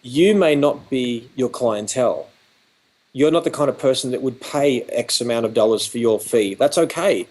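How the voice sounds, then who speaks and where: A man's voice: medium pitch, moderate pace, a little mellow. A man with an Australian accent, a photography educator, chatting on a video call and acting out quoted exchanges as he talks. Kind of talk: animated conversational storytelling.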